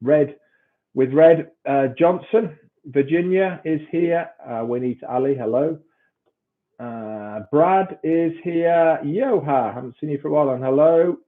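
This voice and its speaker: A man's voice: fairly high pitch, a little slow. A man hosting a live stream in casual chat, reading out viewers' names one by one and stumbling over the hard ones. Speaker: host greeting live viewers. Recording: tinny phone-like stream audio.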